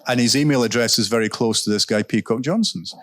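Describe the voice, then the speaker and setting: A man, an author guest at a literary festival, telling anecdotes onstage and answering audience questions in a relaxed, chatty way with frequent ums and self-corrections. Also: mid-range voice, fast talker, no echo, studio quality. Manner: laughs while telling stories. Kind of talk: casual onstage storytelling and Q&A. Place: stage at a live event.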